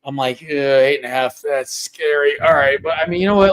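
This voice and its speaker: A man's voice: a little high, steady tone, fast talker. A man co-hosting a sports podcast over a video call, rambling and chatty with many fillers. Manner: rambling, lots of fillers and restarts. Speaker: podcast co-host. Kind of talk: casual sports chat. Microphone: home setup on a video call.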